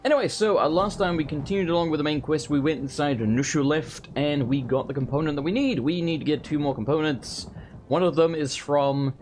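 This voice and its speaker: A man's voice: fairly high pitch, fairly quick, darkish tone, slight background noise. A man losing his voice, giving casual, rambling gameplay commentary as a let's play host and swearing offhandedly.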